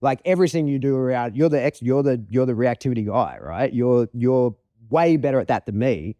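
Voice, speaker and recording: An Australian man chats casually as a guest dog trainer. His voice is mellow and a little dark, recorded dry and close. He tells animated stories and puts on voices for the people and animals in them. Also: medium pitch, a little fast, dry recording, dull audio. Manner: animated storyteller, acts out voices. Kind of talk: casual podcast chat.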